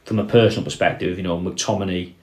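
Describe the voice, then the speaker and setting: Low-voiced man talking football, roomy room. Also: steady tone. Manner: measured, trails off and restarts, drops his voice on key points. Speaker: podcast co-host. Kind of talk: casual football chat. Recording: roomy echo.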